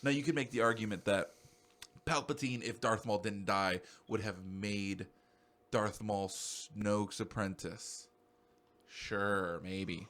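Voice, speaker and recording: A young man co-hosting a podcast in casual chat, rambling excitably and swearing freely. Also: fairly low pitch, slow. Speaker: podcast co-host.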